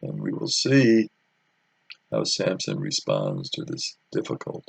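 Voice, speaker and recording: Gravelly, deep-voiced man telling a Bible story. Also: wildly swooping pitch, slow pace, dry recording. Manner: conversational storytelling with many fillers. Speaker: Bible teacher.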